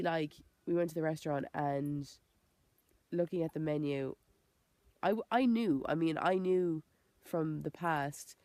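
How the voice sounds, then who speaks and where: A woman's voice: deep voice, vocal fry, darkish tone, no echo. A woman with an Irish accent and a chest infection, talking in a rambling, frank vlog monologue full of "like" and self-corrections, swearing freely. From Ireland. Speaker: vegan vlogger.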